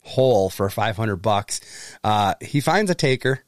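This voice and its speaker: A man's voice: fairly low pitch, expressive, measured pace, no echo, clean studio sound. A man co-hosting a podcast, recapping in casual chat, laughing often and swearing casually. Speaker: podcast co-host.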